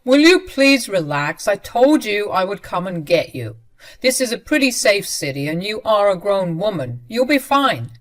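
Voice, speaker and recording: An impatient husband who brushes everyone off, read by a woman narrator. The lines come out higher and louder than the narration around them, in a plain storybook reading. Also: sing-song, moderate pace, natural voice. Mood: dismissive. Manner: dismissive, impatient. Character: dismissive husband, adult man.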